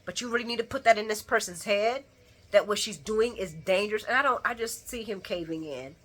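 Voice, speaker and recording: A woman's voice: mid-range voice, fairly quick, a bit bright. A woman casually recapping a soap opera episode on her channel, talking back to the characters with sass and frequent laughter. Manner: sassy, talks back to the characters, laughs often.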